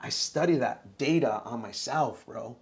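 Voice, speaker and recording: A man in his thirties, a podcast guest, telling his own story in casual, animated talk and calling the host bro. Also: medium pitch, measured pace. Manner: animated, says bro a lot.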